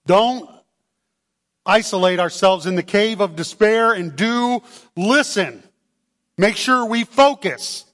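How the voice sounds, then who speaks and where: A man preaching a sermon to his church, animated and calling out for amens. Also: high-pitched, slow, pauses often. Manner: animated, calls for amens, acts out voices. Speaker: pastor. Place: church sanctuary. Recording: long hall reverb.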